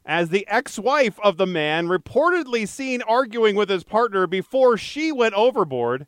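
A man with a smooth, slightly higher-pitched voice co-hosts a casual podcast, chatting his way through odd news items. He jokes, loses his thread and corrects himself, all in a close, dry recording. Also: very animated, normal speed, hardly any pauses, dry recording. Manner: rambling, self-correcting, jokey. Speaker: podcast co-host and traffic anchor.

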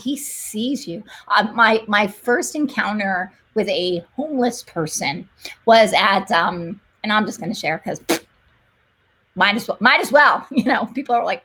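A woman, a missionary nurse and guest, telling faith stories in conversation, animated and fervent, laughing often. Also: mid-range voice, breathy edge. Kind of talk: emotional faith storytelling in conversation.

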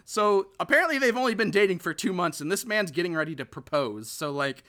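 A man chatting casually on a podcast, retelling a film plot as he goes. His voice sits a little high and sounds bright and forward. He rambles, stops to restart sentences and fills the gaps with ums and likes. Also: lively intonation, fairly quick. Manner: rambling, full of fillers and restarts, quotes characters. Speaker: podcast host. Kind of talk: casual chat recapping a film.

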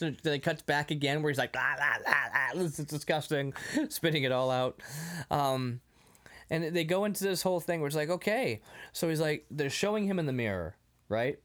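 A man co-hosting a casual movie podcast, acting out scenes in voices and laughing often. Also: fairly high pitch. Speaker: podcast co-host.

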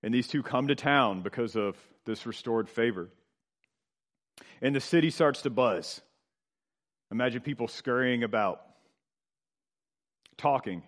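A middle-aged man delivers a sermon at an ordinary pitch. He builds to loud, emphatic lines and then sinks to soft, low endings, slowing down on key words. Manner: expressive preaching, swelling louder then dropping low and quiet. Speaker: pastor.

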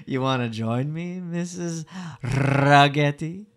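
A man's voice: a little high, gravelly, exaggerated voice. A man doing a leering crude old husband.

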